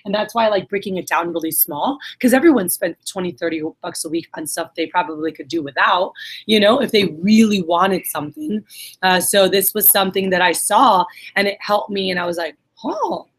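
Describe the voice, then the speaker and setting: A little fast and husky, this woman's medium-pitched voice carries a swearing, informal motivational talk to her sales team. She tells stories and acts out the voices within them.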